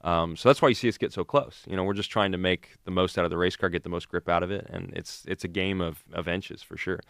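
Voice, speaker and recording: A racing driver guest on a radio show, speaking with a notably deep, low voice. He explains at an easy pace, calm and relaxed. The studio microphone keeps him close and dry. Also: fast, clean tone, no echo. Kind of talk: casual studio interview.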